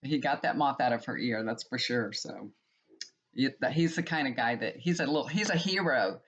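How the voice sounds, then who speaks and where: A middle-aged woman chatting casually to her viewers as a tarot reader and healer, retelling stories with frequent laughs and an animated manner. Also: very deep voice, moderate pace. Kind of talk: casual storytelling chat to viewers. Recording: slightly dull lo-fi sound.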